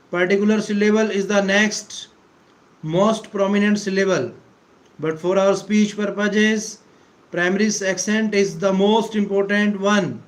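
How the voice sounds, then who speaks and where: Slow, high-voiced man teaching English. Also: rough recording. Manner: deliberate, repeats words for emphasis, clears throat often. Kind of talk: slow explanatory lecture.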